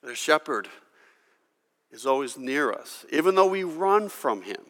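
A man preaching a sermon as pastor, swinging from loud emphasis to hushed, intimate tones and leading the congregation in reciting verses aloud. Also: on the high side, sing-song, unhurried, in a large hall. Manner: leads the congregation in call-and-response recitation.

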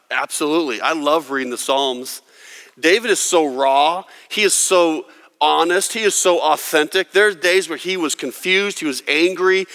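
Man preaching, bright forceful voice, slightly high, big hall reverb, dramatic delivery. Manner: dramatic, voicing quoted prayers with rising intensity. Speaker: pastor. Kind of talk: sermon.

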